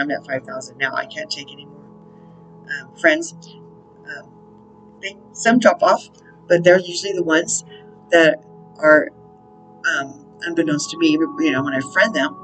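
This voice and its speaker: A woman's voice: sits low, unhurried, long pauses, fairly bright tone, faint music behind, rough recording. A woman hosting her own spiritual channel, talking in a rambling, casual monologue with plenty of fillers and the odd swear word. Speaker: spiritual counselor and channel host.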